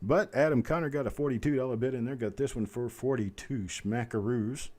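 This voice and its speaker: A man at medium pitch, his voice a little mellow, hosts an online coin auction live. Bid calls tumble out in a rapid chant, broken up by easygoing, folksy conversation.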